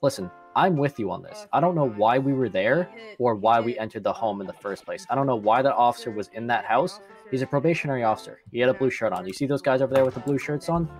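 A man's voice: medium pitch, animated, quick pace, soft background music. A man in a police roleplay, formally explaining a case step by step. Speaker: roleplay player as police officer.

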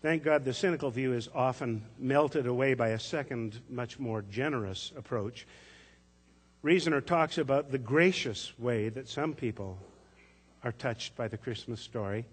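A male pastor preaching to his congregation in a husky, mid-pitched voice, unfolding a story gently and with measure. His words ring out with a long reverb in the church sanctuary. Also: moderate pace. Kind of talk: sermon.

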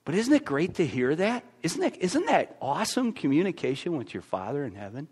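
A man's voice: on the high side, sing-song, brisk, a little mellow, breathy edge. A man pastor with an American accent, preaching a conversational sermon in a church with frequent stammered restarts.

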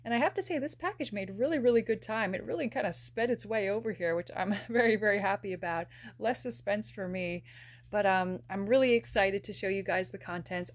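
A woman's voice: mid-range voice, no room sound. Gushing woman unboxing plush gifts. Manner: gushing, emotional, often laughing softly. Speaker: plush collector vlogger. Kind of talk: casual unboxing vlog.

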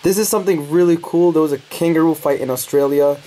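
A man vlogging to the camera in casual, excitable, playful talk. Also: fairly high pitch, quick pace, a little hiss or hum.

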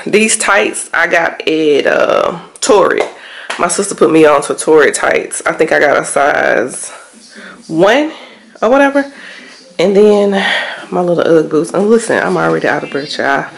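A woman's voice: on the low side, vocal fry, rough recording. A woman in her forties, vlogging in a chatty, slangy, casual way while holding a phone camera inside a car. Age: 40s. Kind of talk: casual chat.

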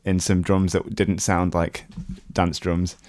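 A man's voice: low voice, flat delivery, takes it slowly, darkish tone, no room sound. A man co-hosting a podcast, talking enthusiastically about producing music, with lots of fillers. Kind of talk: casual chat.

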